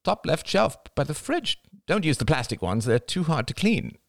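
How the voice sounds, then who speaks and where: A man's voice: fairly high pitch, sing-song, moderate pace, gravelly, no echo, voice pushed up. A man reading an audiobook, voicing a wary middle-aged woman who asks dry, probing questions. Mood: wry. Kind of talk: audiobook character voice.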